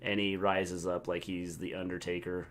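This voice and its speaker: A man's voice: sits low, flat delivery, normal speed, slight background noise. A middle-aged man co-hosting a casual wrestling livestream, dry and teasing, with playful jokes. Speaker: co-host.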